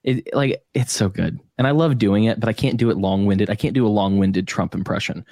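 A man's voice: on the low side, brisk, gravelly, few pauses, darkish tone, no room sound, clean studio sound. A man hosting a podcast, chatting casually in a rambling, jokey way and laughing often. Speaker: podcast host.

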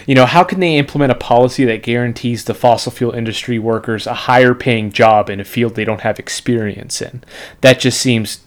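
A man's voice: mid-range voice, fairly quick. Sarcastic rambling podcast host man. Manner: sarcastic, rambling, many "you know" fillers. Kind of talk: casual political podcast chat.

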